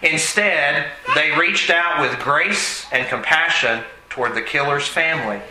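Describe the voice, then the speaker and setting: A man preaching a sermon in an earnest way, slowing down to stress his points. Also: fairly high pitch, reverberant, noisy background. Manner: earnest, slows for emphasis.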